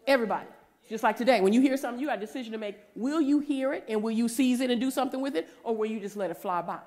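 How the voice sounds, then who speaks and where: A woman, giving a preaching testimony and acting out the voices in her story, sometimes rising to a shout. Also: fairly high pitch, very fast. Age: 40s.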